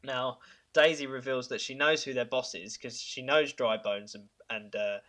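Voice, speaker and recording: A man hosting a podcast, pitching ideas in casual chat, enthusiastic and chuckling, with halting fillers. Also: steady tone, bright, forceful tone. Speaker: podcast host.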